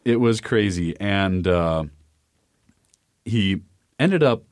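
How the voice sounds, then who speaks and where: A man with a low voice co-hosts a casual podcast chat. He rambles, stopping and restarting with plenty of fillers. The sound is dry and close, with no room echo. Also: animated, slow, clear, resonant tone. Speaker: podcast co-host.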